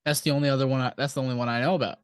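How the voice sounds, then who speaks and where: A man's voice: mid-range voice, fairly even intonation, smooth, no echo. Teasing young man, dry close sound. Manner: teasing, quick reactions. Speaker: co-host, son. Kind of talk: casual chat.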